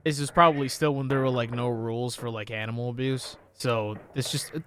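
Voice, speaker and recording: A man's voice: medium pitch, steady tone, brisk, few pauses, a bit bright, a little hiss or hum. A man hosting a casual reaction video, sarcastic and profane, joking about an old movie as he watches it. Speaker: host reacting to an old film.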